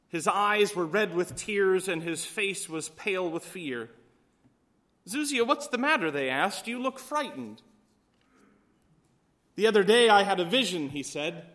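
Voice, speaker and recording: Bright-voiced male pastor preaching. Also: high voice. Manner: storytelling with voiced quotes. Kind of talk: sermon.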